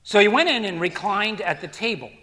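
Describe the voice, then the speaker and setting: Man, preacher, sermon, high voice, animated delivery, emphatic, repeats himself. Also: a little fast. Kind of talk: sermon with scripture reading.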